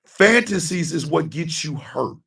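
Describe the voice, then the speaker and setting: A man's voice: on the high side, sing-song, unhurried, creaky, fairly bright tone, breathy edge, recorded from a distance. A middle-aged man hosting a radio talk show, giving a blunt, profane personal monologue and repeating his key lines for emphasis.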